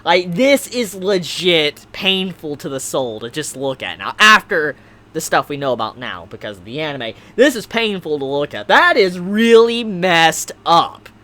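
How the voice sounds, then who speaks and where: Excitable man, wildly swinging pitch. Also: measured pace. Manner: excitable, swings to shouting and squealing; stammers and repeats himself. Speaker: anime vlogger. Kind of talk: casual unboxing vlog.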